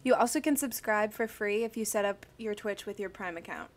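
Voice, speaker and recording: A woman's voice: medium pitch, a little fast, a little hiss or hum. A young woman streaming a crossword session, chatting casually and gushing as she greets viewers by name. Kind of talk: casual livestream chat.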